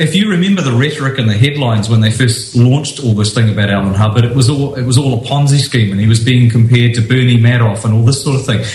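Emphatic New man, roomy sound. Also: medium pitch. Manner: insistent, emphatic, many restarts. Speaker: guest. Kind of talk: talk radio interview. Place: office.

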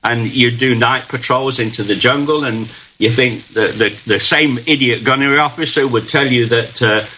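Older british-born guy telling war stories in an interview, bright clear voice, halting and earnest. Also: mid-range voice, slight background noise, poor audio. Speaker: guest, veteran. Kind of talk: casual storytelling in an interview.

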